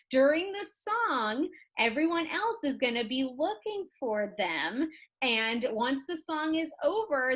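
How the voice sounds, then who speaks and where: A woman's voice: high voice, bright, forceful tone, rough recording. A woman music teacher leading an online lesson for young children, singing short phrases and coaching them to sing along. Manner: sings phrases and coaches the listener to repeat; slow, clear, encouraging delivery.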